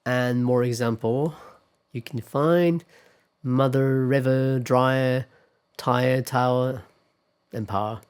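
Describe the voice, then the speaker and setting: Slow, deliberate male lecturer. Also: mid-range voice, steady tone, darkish tone, smooth. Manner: deliberate, repeats example words several times. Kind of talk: pronunciation lecture.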